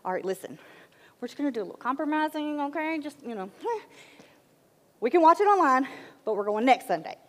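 Brief: woman as a chatty, excitable church mom, higher voice, long echo of a big hall. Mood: motherly. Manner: bubbly, chatty, quick to apologize. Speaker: actor in a church skit.

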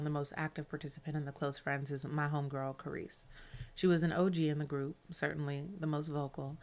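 Low-voiced woman hosting a podcast. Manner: warm, candid, casual with swearing and fillers. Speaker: podcast host. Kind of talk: scripted podcast narration.

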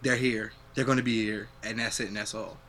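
A man's voice: on the low side, little pitch movement, a little fast, a bit bright, slight background noise. A young adult man hosting a podcast, chatting casually and reflectively, swearing freely. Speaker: podcast host. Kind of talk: casual chat.

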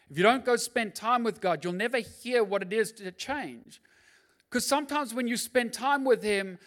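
A middle-aged man preaching as a pastor, swinging between loud urging and quiet, personal storytelling. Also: high voice. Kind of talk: sermon.

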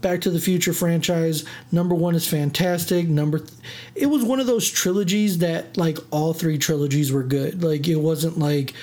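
A vlogger telling a personal story in a casual rant, animated and dramatic, with many fillers and restarts. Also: mid-range voice, normal speed.

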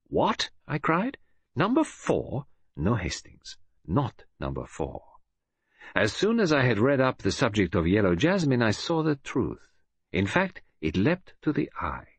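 A man reading a detective novel as an audiobook, narrating in an expressive, measured way. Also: medium pitch, slightly rough, dry recording. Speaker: audiobook reader. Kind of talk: scripted narration.

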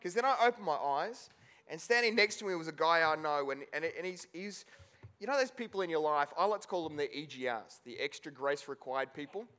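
A man's voice: on the high side, expressive, fairly quick, pushed and bright. A man preaching a sermon as pastor, telling a personal story with emotion, tearful and laughing at moments.

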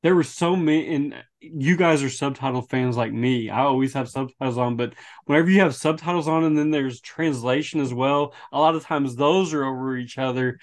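A man co-hosting a casual movie podcast, chiming in with relaxed comments and reactions. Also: medium pitch, brisk, hardly any pauses. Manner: relaxed, reads from notes. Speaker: podcast co-host.

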